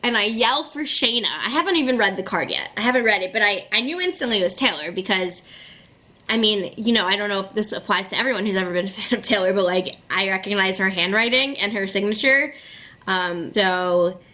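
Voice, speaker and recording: A young woman tells a story to her camera in casual vlog style. She sounds chatty and excitable, and her speech is full of fillers. Her voice sits at a middle pitch. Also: brisk. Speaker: vlogger.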